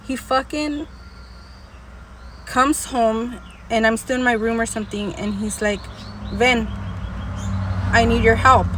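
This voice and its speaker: Animated high-voiced woman, casual storytelling. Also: a little hiss or hum. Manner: code-switching between English and Spanish, swearing freely; animated, laughing as she tells it. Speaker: podcast co-host.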